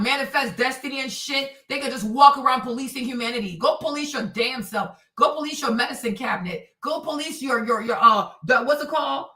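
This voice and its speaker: High, bright woman ranting angrily. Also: distant mic. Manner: angry, profane, repetitive ranting. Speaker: livestream host. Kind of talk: heated livestream rant answering chat. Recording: echoey room, voice off-mic.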